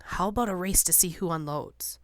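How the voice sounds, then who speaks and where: A woman voicing a rowdy male canoeman who yells boisterous challenges. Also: sits high, fairly quick, dry recording. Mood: jovial. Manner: yelling, boisterous.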